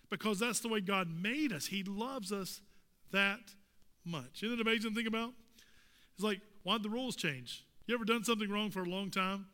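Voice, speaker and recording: A man preaching a sermon in a church sanctuary. His voice sits high and sounds bright and forceful, and he keeps asking the congregation rhetorical questions. The room adds a long, ringing reverb. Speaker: pastor.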